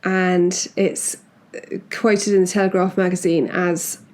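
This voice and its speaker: A woman's voice: on the low side, flat delivery, takes it slowly, darkish tone. A woman hosting a podcast, telling a true-crime story in a casual, chatty way with restarts and asides. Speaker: podcast host.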